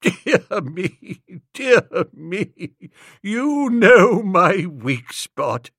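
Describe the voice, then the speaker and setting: A man voicing a sentimental elderly lord who speaks slowly, in a hushed, doddering way. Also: fairly high pitch, very animated, no echo, clean studio sound, exaggerated voice. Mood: delighted.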